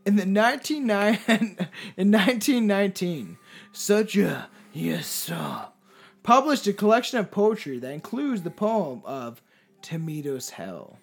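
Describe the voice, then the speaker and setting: A man's voice: sits high, big pitch swings, a little slow, vocal fry. A man co-hosting a casual podcast, swearing and laughing often, and reading a creepy poem with dramatic flair. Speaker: podcast co-host. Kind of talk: casual chat and reading a legend.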